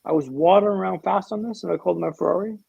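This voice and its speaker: A man telling a vivid, humorous story with dramatic pauses as a guest in a podcast interview, on a dull, lo-fi recording. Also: sits high, vocal fry, mellow, slightly rough, dry recording.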